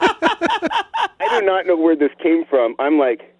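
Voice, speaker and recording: A man's voice: a little high, big pitch swings, measured pace, long pauses, no room sound. A man calling in to a radio show who tells an embarrassing story in a sheepish, laughing way. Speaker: caller. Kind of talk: call-in storytelling. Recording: dry phone line.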